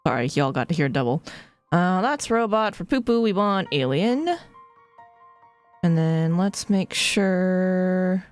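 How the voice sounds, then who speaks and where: A woman's voice: on the low side, lively intonation, slow, pauses often, clear, resonant tone, soft background music. A woman streamer chatting casually as she plays, joking at herself and swearing now and then. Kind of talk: casual live-stream chat. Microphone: streaming mic.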